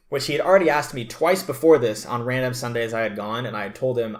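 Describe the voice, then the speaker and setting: A young man talks quickly, at a medium pitch, as he recounts how he came to faith. His delivery is animated and he acts out the lines of the people in his story. It comes across as an easygoing podcast conversation. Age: young adult. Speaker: podcast co-host. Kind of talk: casual testimony chat.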